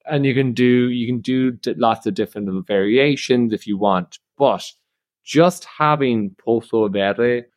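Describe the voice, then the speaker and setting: A man's voice: mid-range voice, moderate pace. A young Irish man co-hosting a casual travel podcast, chatty and teasing, laughing often. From Ireland. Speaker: podcast co-host. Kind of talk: casual chat.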